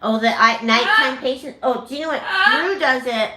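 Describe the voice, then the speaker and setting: A woman with a lively, slightly high voice chats slowly with viewers about her parrots. She is recorded in an echoey room at home. Loud noise and squawking parrots fill the background. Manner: chatty, laughing, imitates bird screams. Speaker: parrot channel host. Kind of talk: casual livestream chat with viewers.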